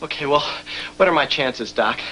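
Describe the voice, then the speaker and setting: A man's voice: mid-range voice, lively intonation, normal speed, sharp tone, slight background noise, rough recording. An actor playing a childish, melodramatic grown man visiting his doctor, whiny and theatrical with nervous laughs. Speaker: patient. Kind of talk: sitcom acting.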